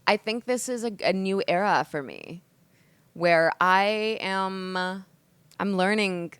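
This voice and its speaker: A woman's voice: medium pitch, takes it slowly, smooth, dry recording. A woman in her twenties, from the United States, hosting her own podcast in a candid, emotional solo monologue, swearing freely and saying "like" a lot. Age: 20s. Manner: candid, expressive, swears often, says "like" a lot. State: emotional, hungover. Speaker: podcast host.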